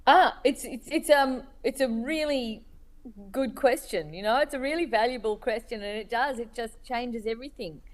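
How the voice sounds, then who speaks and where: A woman being interviewed as a cartoonist, speaking in a thoughtful, halting way as she searches for words. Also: fairly high pitch. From Australia. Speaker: cartoonist guest. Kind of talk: reflective interview talk.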